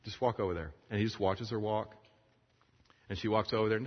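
Preaching to a room full of pastors, a man with a fairly low voice tells a story with animation, acting out each character's dialogue. He speaks a little fast with a slightly rough edge. The audio is dull and lo-fi, and a long reverb trails through the large hall.

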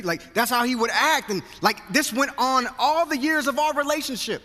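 A male pastor preaches earnestly into a handheld microphone in a church sanctuary, blending scripture with casual slang in a conversational, storytelling way. His very high voice sounds pushed and bright, moving at a normal speed with hardly any pauses, and the hall adds long reverb.

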